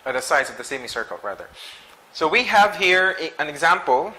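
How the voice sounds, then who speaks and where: A man's voice: on the high side, very animated, bright, forceful tone, poor audio. A man teaching a grammar lesson, explaining patiently, often checking in with "okay?" and correcting himself mid-phrase. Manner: explains slowly, checks with frequent "okay?", restarts and self-corrects. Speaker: English teacher.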